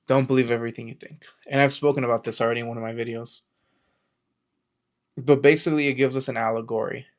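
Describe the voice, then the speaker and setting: A man talking casually to camera about mindset, rambling and storytelling with lots of fillers and acted-out quotes. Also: mid-range voice. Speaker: self-help vlogger. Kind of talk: casual motivational talk to camera.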